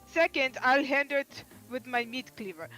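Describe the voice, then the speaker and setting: A woman voicing a gruff male killer, putting on a silly low accent. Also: normal speed, pushed and bright. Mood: grumbling. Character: gruff male killer, proud of his cleaver.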